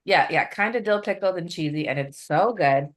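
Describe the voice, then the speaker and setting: A woman's voice: fairly low pitch, lively intonation, moderate pace. A young woman co-hosting a casual podcast chat, swearing freely and laughing often while snacking. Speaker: podcast co-host.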